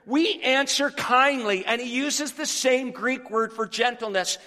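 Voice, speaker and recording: Bright-voiced male pastor preaching in a hall. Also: very high voice, unhurried. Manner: animated storytelling, scripture reading, rhetorical questions to the congregation. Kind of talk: sermon. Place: church sanctuary.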